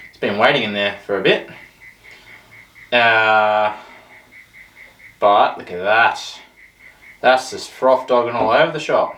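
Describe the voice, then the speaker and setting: A man's voice: medium pitch, takes it slowly, pauses often, sharp tone, recorded from a distance. A man hosting a casual beer tasting show, chatting in a rambling, jokey way. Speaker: host of a beer review show. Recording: roomy echo, voice off-mic.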